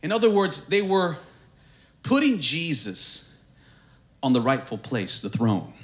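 A man pastor preaching a sermon, swinging from hushed asides to fervent shouting. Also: fairly high pitch, very animated, unhurried, long pauses.

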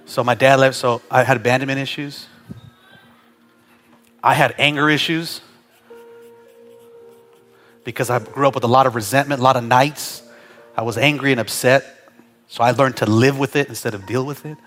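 A male pastor preaching a sermon, talking conversationally with humorous asides to the congregation and building to shouted prayers. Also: medium pitch, fairly even intonation, normal speed, long pauses, faint music behind.

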